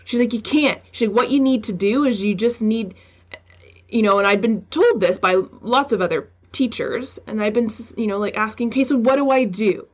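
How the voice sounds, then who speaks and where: Lively woman hosting a podcast chat. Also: mid-range voice, moderate pace. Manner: animated, acts out quoted remarks in livelier tones. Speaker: podcast host. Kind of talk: casual podcast conversation.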